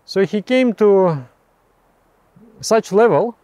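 Male meditation teacher, slightly high, mellow tone, dry close sound, halting and repetitive delivery. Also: animated, dry recording. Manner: halting, repeats words and restarts phrases. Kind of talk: explaining meditation practice.

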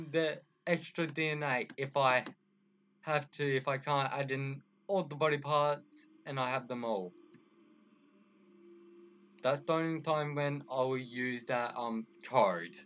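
A man's voice: medium pitch, unhurried, a bit bright, muffled recording, a little hiss or hum. A young Australian man giving rambling, self-mocking commentary while playing a video game. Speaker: gaming video creator. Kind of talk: casual gameplay commentary.

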